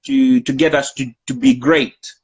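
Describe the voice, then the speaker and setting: Earnest man giving calm advice. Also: mid-range voice, unhurried, poor audio. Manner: acts out parent-child conversations in quoted speech. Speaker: guest speaker. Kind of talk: live discussion.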